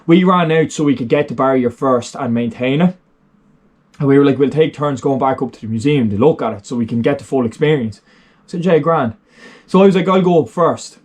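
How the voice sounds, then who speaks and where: A man's voice: medium pitch, a little fast, a little mellow. A young Irish man telling a story in a casual, rambling way, full of fillers and swearing. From Ireland. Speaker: vlogger.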